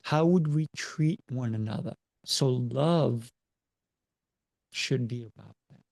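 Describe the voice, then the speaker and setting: A martial arts coach chats in a casual interview over a video call, driving his points home with emphatic rhetorical questions. His mid-range voice is slow, gravelly and a little mellow, in a dry, studio-quality recording.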